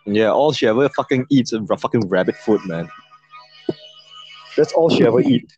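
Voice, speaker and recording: A man's voice: on the low side, animated, moderate pace, darkish tone, highs cut off, soft background music. A man co-hosting a casual podcast, joking crudely and swearing a lot. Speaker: podcast co-host. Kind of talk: casual chat.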